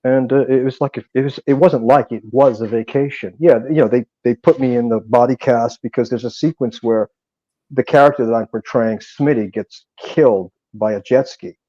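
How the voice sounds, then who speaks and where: A man's voice: medium pitch, moderate pace, mellow, no room sound. Guest actor guy, intense and earnest, muffled dry lo-fi sound. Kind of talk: interview conversation. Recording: dry, dull lo-fi audio.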